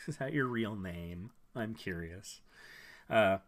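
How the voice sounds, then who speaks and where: A man hosting a casual live stream, reviewing viewers' channels. He thinks out loud, rambles a bit with fillers and restarts, and gives friendly advice. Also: on the low side, lively intonation, takes it slowly, pauses often.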